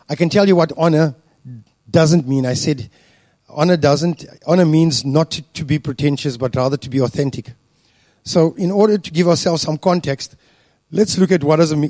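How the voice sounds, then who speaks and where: A man giving a sermon, speaking deliberately with frequent fillers and restarts. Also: on the high side, a little mellow, no room sound. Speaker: preacher.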